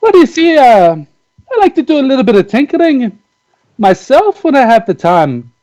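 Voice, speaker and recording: A man's voice: very high-pitched, big pitch swings, normal speed, a little mellow, lo-fi sound. A man voicing an awkward, chatty male dwarf tinkerer in a folksy drawl, stumbling over fillers and restarts. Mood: proud. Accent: put-on folksy drawl. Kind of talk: in-character tabletop role-play.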